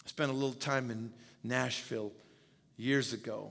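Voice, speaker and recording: A man's voice: medium pitch, fairly even intonation, normal speed, creaky, a bit bright, big-room sound. A man preaching a sermon as pastor. He speaks emphatically, repeats key phrases and quizzes his listeners.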